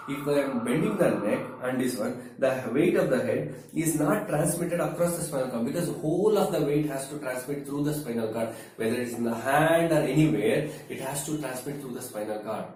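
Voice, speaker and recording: A man, a wellness expert, explaining health advice slowly and deliberately, using everyday comparisons and frequent fillers. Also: mid-range voice, a little mellow, slight background noise. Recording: very echoey room, distant mic.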